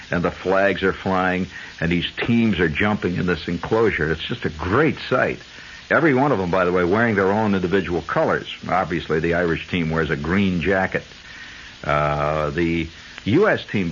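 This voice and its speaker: A man's voice: low-pitched, a bit bright, a little hiss or hum. A man hosting a radio show, telling a long digressive story in a chatty way, full of asides. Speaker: radio host. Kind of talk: rambling storytelling monologue. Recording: dull lo-fi 1970s radio broadcast with faint music.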